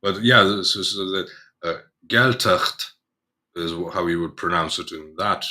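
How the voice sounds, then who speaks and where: A man's voice: low-pitched, measured pace, pushed and bright. A man co-hosting a podcast, talking casually and hesitantly, with many restarts as he explains things. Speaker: podcast co-host. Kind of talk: casual chat.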